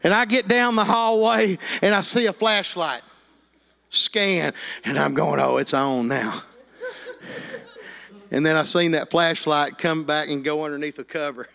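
Fervent preacher, high gravelly voice. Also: male voice, normal speed, bright, forceful tone. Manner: fervent, peppered with amens and hallelujahs. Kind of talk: sermon with personal testimony.

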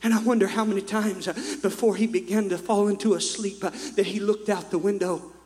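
Man, preacher, very high voice, impassioned sermon, shouts at peaks, echoey hall, faint mains hum. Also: flat delivery, a little fast. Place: church.

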